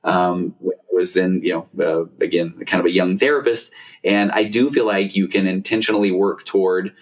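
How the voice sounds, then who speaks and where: Deep-voiced man hosting a podcast. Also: steady tone, normal speed. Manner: rambling, self-interrupting, frequent fillers. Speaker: podcast host and therapist. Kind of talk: casual conversational interview.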